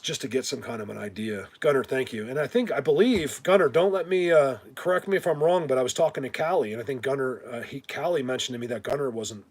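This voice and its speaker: Male streamer, husky, rambling and stammering, casual thank-you chat. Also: medium pitch. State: whistling ringing in ears. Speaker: livestream host.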